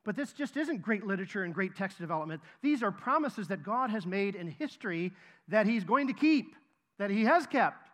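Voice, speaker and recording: A man's voice: high voice, lively intonation, a little fast, a bit bright. A man preaching a sermon to his congregation, emphatic and repeating key phrases for stress. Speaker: pastor.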